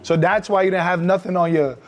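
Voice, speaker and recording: A man's voice: high-pitched, fairly even intonation, brisk. A man chatting as a podcast guest, speaking candidly and reflectively and acting out quoted bits of conversation. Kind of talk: casual chat.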